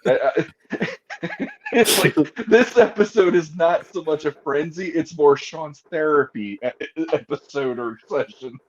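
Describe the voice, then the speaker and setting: A man's voice: on the high side, big pitch swings, unhurried, highs cut off. A man chatting casually as a podcast co-host, telling rambling, self-mocking stories and laughing often. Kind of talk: casual chat.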